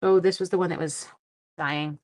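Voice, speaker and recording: Chatty Canadian woman, lowish voice. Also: fairly even intonation, normal speed, darkish tone. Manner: chatty, greets viewers by name, thinks aloud. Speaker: card-making livestream host. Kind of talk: casual live-stream chat while crafting.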